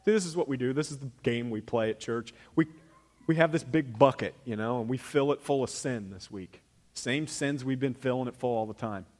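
A pastor preaching a sermon in a church, talking to the congregation in a conversational way that swings from loud emphasis to quiet asides. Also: male voice, medium pitch, brisk. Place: church sanctuary.

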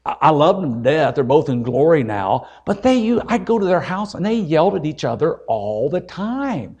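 Older male evangelist, folksy emphatic preacher, slightly high voice. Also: sing-song, moderate pace, a little mellow, slightly rough, highs cut off. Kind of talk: sermon.

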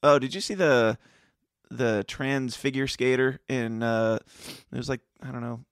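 A man's voice: mid-range voice, a little slow, smooth, dry recording, studio quality. A man co-hosting a casual news podcast, rambling and hesitant, laughing often. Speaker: podcast co-host. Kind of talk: casual news commentary chat.

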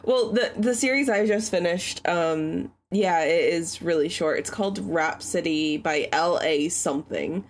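A woman co-hosting a podcast in casual chat, giggly and halting. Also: lowish voice. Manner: giggly, halting, lots of fillers. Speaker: podcast co-host.

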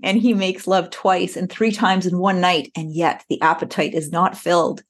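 Lower-voiced woman podcaster reading aloud. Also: fairly even intonation, moderate pace, few pauses. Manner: reads aloud while breaking into giggles. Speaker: podcast co-host. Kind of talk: casual podcast chat, reading historical text aloud.

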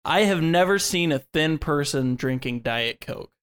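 A man's voice: on the high side, animated, unhurried, a bit bright, a little hiss or hum. A man co-hosting a casual podcast, running a quiz game in a playful, joking way and laughing often.

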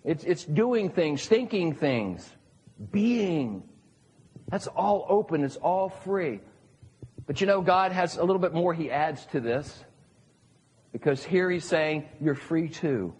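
A man's voice: a little high, expressive, slow, a little mellow, slightly rough. A male pastor giving a sermon at a church service in a conversational way, asking his listeners questions. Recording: long reverb of a large hall.

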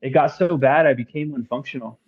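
A man's voice: mid-range voice, husky. Tattoo artist guy telling his story on a podcast, lots of um and you know, kinda muffled audio. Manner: halting, many fillers and restarts. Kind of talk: casual conversational testimony.

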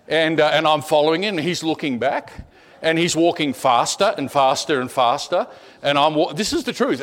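Animated man preaching with stories. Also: on the high side. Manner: animated storyteller, repeats words, drops to a hush. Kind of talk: sermon with personal storytelling.

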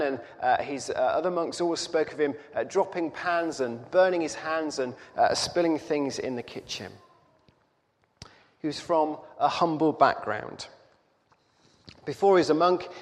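A man preaching a sermon, telling a story slowly and thoughtfully, with pauses and fillers. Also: a little high. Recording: reverberant hall.

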